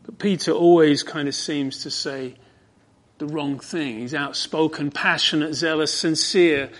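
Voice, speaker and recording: Preaching an expository sermon, this man is emphatic and fervent, moving between hushed passages and ringing emphasis. His pitch is slightly high.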